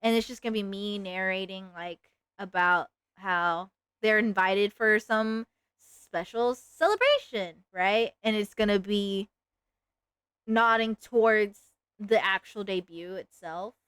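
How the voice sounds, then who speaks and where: A woman's voice: medium pitch, slow, fairly bright tone, smooth, no room sound. A woman streamer chatting casually while she draws, rambling along with lots of "like" fillers. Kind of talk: casual livestream chat while drawing.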